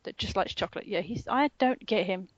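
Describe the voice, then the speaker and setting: A woman's voice: medium pitch, a little fast, no room sound. A sarcastic, giggly woman chatting about anime with friends. Her voice sits in an ordinary middle range, close and dry with no room sound. The recording is a little dull and muffled. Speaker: podcast co-host. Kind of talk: casual chat, anime review.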